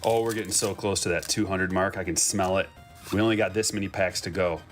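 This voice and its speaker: Deep voiced guy ripping packs, chatty and hyped, a bit of music in the back. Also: fairly quick. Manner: excited, joking, chatty. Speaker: card break host. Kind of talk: casual live commentary while opening packs.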